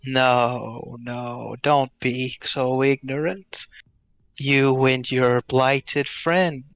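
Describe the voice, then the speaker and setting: A man's voice: mid-range voice, fairly even intonation, drawn-out words, fairly bright tone, clean tone, no echo, faint music behind. A man voicing a callous, mocking male tree spirit that taunts and speaks in riddles. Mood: taunting. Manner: taunting, cryptic, laughs callously.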